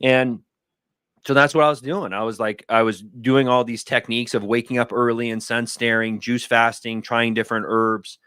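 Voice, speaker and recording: Man, thirties, casual storytelling, rambling, animated, mid-pitched voice, dry close sound. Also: normal speed, smooth, dry recording. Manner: rambling, animated, acts out friends' lines in a higher voice. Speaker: guest. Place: home studio.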